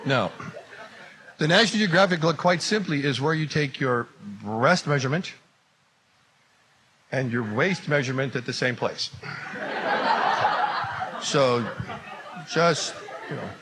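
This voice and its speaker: A man's voice: medium pitch, animated, measured pace, pauses often, background noise. A man teaching a class, talking casually with playful, wry asides. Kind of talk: joking classroom talk.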